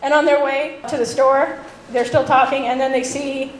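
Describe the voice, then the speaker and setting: A woman in casual chat who giggles often and acts out quotes in a higher voice. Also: fairly even intonation, normal speed. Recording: roomy echo, faint background noise.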